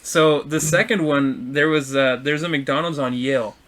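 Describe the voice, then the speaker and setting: A man co-hosting a podcast, telling a story in casual, profane chat and acting out the insults he shouted. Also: on the high side, moderate pace, crowd noise. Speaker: podcast co-host.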